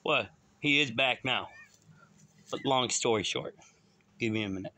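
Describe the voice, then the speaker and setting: This vlogger speaks straight to his viewers in a loose, rambling way, wandering from thought to thought at an unhurried pace. His middle-pitched voice has a sharp tone, with a faint hiss or hum in the background.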